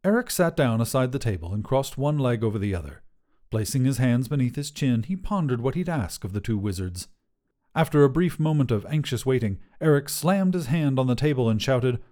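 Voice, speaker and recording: A man narrating a short fiction podcast in a measured, scripted way. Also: mid-range voice, animated, dark tone.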